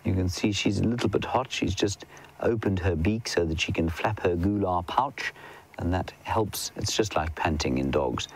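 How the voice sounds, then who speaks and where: A middle-aged man with a low, gravelly voice gives live safari commentary outdoors. He is chatty and keen as he answers viewers, and a faint hum of the bush sits behind him. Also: rough recording. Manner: chatty, enthusiastic, drops to a whisper at times.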